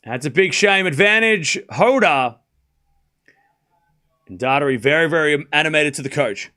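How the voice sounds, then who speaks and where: A man's voice: a little high, lively intonation, normal speed, bright, forceful tone. A man casually commentating a live tennis match on a stream, joking and chatting with viewers. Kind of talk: casual watchalong play-by-play.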